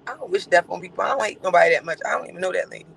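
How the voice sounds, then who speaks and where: A man doing livestream gossip commentary in a sassy, campy, teasing way, with drawn-out exclamations and laughter. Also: high voice, gravelly, a bit bright, a little hiss or hum, poor audio.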